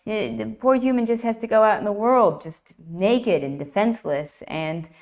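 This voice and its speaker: A woman guest retelling an ancient myth in lively, enthusiastic conversation, often restarting her phrases. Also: mid-range voice, moderate pace. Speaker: guest, classics writer. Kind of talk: animated myth storytelling in conversation.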